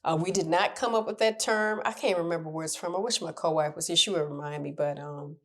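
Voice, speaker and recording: A middle-aged woman coach giving advice in a casual talk, her voice pitched a little low. She speaks candidly and with animation, often acting out the people she meets. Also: quick pace. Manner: candid, animated, laughs and acts out quoted people. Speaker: relationship coach.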